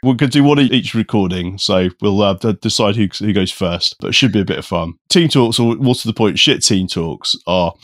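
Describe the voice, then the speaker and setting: A man's voice: lowish voice, fairly quick, few pauses, no room sound. A man hosting a casual podcast chat, joking and laughing often as he sets up segments. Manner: jokey, animated, laughs often. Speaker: podcast host.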